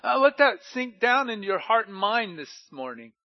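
A pastor preaching a sermon to his church, animated, with frequent laughs as he acts out scripture quotes in dramatic voices. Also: high-pitched, normal speed, muffled recording.

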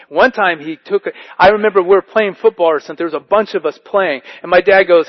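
A man preaching a sermon as pastor, reading scripture and telling animated stories. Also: high voice, fast, few pauses, lo-fi sound.

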